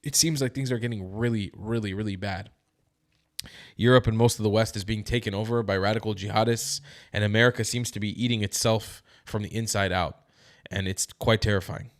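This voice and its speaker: A man's voice: fairly low pitch, steady tone, brisk. A man giving heated, emphatic news commentary straight to his viewers, tired and yawning. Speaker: commentary vlogger.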